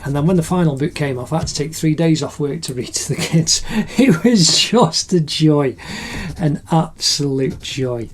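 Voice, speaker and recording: A man's voice: fairly high pitch, lively intonation, moderate pace. Chatty, encouraging middle-aged man. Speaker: art teacher. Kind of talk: narrated drawing tutorial.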